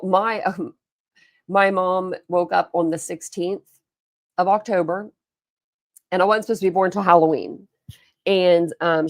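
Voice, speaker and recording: A woman's voice: fairly low pitch, no echo, studio quality. A young woman hosting a livestream, telling rambling stories in a chatty, casual way and replying to her chat. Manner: rambling storytelling, chatty, reads and answers chat. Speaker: livestream host.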